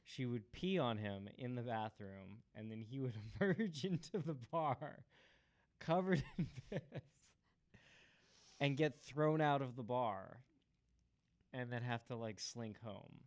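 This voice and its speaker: A man's voice: mid-range voice, takes it slowly. Man asking wry follow-up questions. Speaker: podcast co-host. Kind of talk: casual chat.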